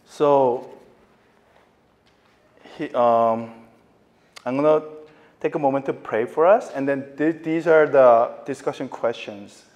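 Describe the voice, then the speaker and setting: A man giving a casual preaching lecture, telling stories with many fillers and getting loud and excited at times. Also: big-room sound, highs cut off. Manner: animated storytelling, many fillers, voice jumping high and loud when excited. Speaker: lecturer at a ministry training.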